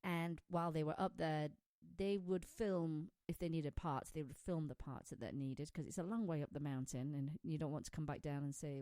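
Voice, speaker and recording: A woman's voice: low voice, fairly even intonation, moderate pace, hardly any pauses, warm tone, dry recording. A woman hosting a pet-tips show in casual chat, talkative and laughing often as she wanders between stories. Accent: non-American, says it is her own.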